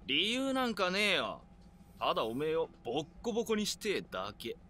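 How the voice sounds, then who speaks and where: Fast-talking, bright-voiced young game hoodlum, crude and taunting. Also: male voice, on the high side, wildly swooping pitch, slight background noise, exaggerated voice. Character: young male hoodlum, crude and eager to brawl.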